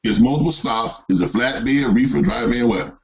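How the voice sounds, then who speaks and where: A man's voice: mid-range voice, normal speed, muffled recording, crowd noise. A man hosting a live question-and-answer call, giving casual advice in a rambling way with many fillers and restarts. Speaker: host answering caller questions.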